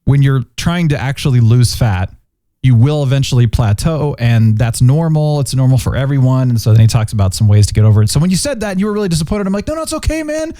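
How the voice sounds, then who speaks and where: Lively, animated podcast host. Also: male voice, medium pitch, no echo, clean studio sound. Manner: animated, jokey, quick to laugh. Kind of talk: casual chat.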